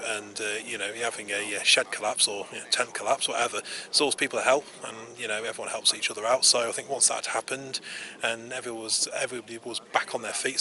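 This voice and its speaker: Guy camping outdoors, bright clear voice, rambling with loads of ums, faint outdoor hiss. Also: mid-range voice. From England. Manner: rambling and relaxed, lots of ums and uhs. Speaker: camping vlogger. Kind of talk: casual outdoor vlog. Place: campsite outdoors.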